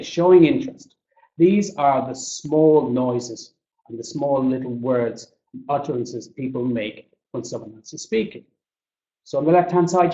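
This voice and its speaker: A man giving a business English webinar, explaining points slowly with examples and acting out intonation. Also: medium pitch, warm tone. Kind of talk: webinar lecture. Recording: dull lo-fi echoey webinar audio.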